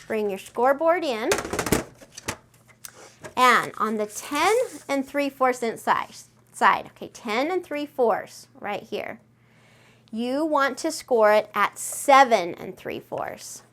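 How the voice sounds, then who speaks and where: A woman's voice: fairly high pitch, slow. Gushing woman giving a craft tutorial. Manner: gushing, excitable; chatty, friendly instructions.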